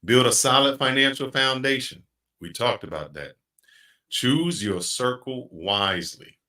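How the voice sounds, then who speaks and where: A middle-aged man hosting a podcast, speaking in an earnest, reflective way and slowing down to stress his points. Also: mid-range voice, animated, pushed and bright. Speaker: podcast host. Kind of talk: casual podcast chat.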